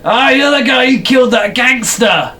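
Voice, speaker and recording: A man's voice: very high voice, animated, moderate pace, sharp tone, soft background music, voice pushed up, full character voice. A man voicing a chatty, nosy elderly male gnome in a tabletop game. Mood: excited. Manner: chatty, folksy storytelling.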